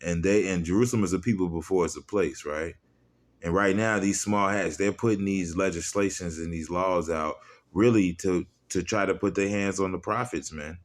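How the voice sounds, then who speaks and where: A low-voiced man preaching in a fiery, mocking rant. He swings between loud, pushed outbursts and muttered asides, and he reads scripture in old-style wording. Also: moderate pace. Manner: fiery, mocking, profane, drops into quiet asides. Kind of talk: heated religious video rant.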